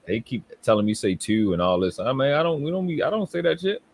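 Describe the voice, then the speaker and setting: Man, Baltimore accent, lively swooping pitch, blunt and profane, casual chat. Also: fast talker, a little hiss or hum. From West Baltimore.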